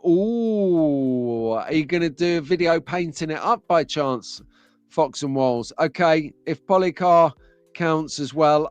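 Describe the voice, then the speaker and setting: A man's voice: a little high, clean tone, dry recording. An English man hosting a casual live stream, chatting and joking with viewers and laughing often. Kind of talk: casual live chat reading viewer comments.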